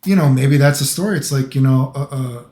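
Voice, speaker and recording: A man's voice: mid-range voice, brisk, darkish tone, roomy sound. A middle-aged man from the United States, talking in a casual, rambling monologue full of filler phrases. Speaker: vlogger.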